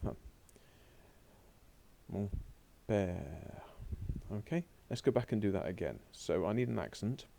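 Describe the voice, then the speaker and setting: A man with a low, gravelly voice gives a recorded French lesson from his laptop. His tone is dark and mellow, and he chats to himself as he clicks through the slides. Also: expressive, a little slow, pauses often, slight background noise. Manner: chatty, talks to himself while working through slides. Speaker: French teacher. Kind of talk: recorded remote lesson with screen commentary. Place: home or classroom desk at a laptop.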